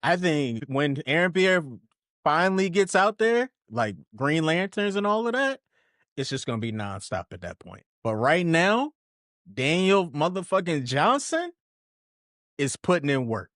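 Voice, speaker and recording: A man hosting a podcast in casual chat, animated and swearing for emphasis, with his voice jumping up when he gets excited. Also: a little high, measured pace, no room sound, studio quality. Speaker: podcast host.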